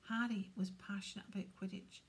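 A woman reading a fantasy novel aloud in a steady, hushed whisper. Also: mid-range voice, brisk. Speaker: audiobook reader. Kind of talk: whispered audiobook narration.

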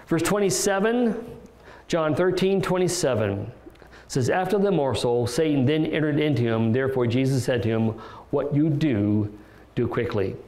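A man's voice: mid-range voice, dark tone, roomy sound. A male pastor preaching an expository sermon in a conversational way, with restarts and rhetorical questions. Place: church sanctuary.

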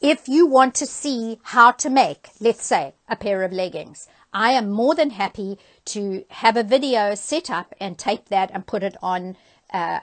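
Brief: older woman, sewing educator, easygoing chatty phone live-stream host, plenty of fillers. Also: medium pitch. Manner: chatty, friendly, with frequent ums and uhs. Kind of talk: casual live-stream announcements. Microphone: handheld phone.

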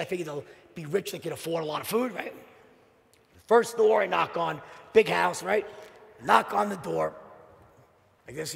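A middle-aged man giving a motivational sales keynote, telling a story in an animated, punchy way and checking in with the audience with "right?". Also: high voice, gravelly. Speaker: keynote speaker. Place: large conference hall. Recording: long hall reverb from stage.

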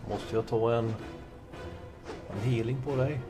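A man's voice: mid-range voice, fairly even intonation, a little slow. Casual Swedish gamer narrating his own playthrough over faint game music. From Sweden. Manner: mutters and mixes two languages. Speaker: let's play gamer. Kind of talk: casual gameplay commentary.

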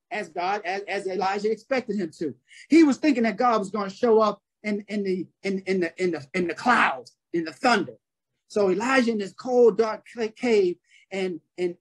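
A man's voice: sits high, husky. A man preaching a sermon on a prayer call, telling a story and repeating phrases for emphasis.

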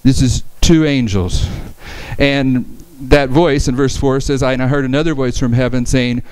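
A man's voice: mid-range voice, fairly even intonation, moderate pace, darkish tone, clean tone, dry recording, low-quality recording. A man giving a Bible study lecture, reading verses aloud and explaining them with frequent restarts.

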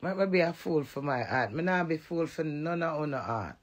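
A woman with a Jamaican accent ranting defiantly to the camera, swinging between loud outbursts and low mutters. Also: lively intonation, moderate pace. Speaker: vlogger. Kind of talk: emotional direct-to-camera rant.

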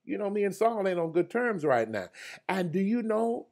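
A man preaching a livestreamed Bible study. He repeats his phrases and calls out to his viewers by name, and his voice swings from loud cries to hushed murmurs. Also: high voice, very animated, moderate pace. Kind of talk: livestreamed sermon.

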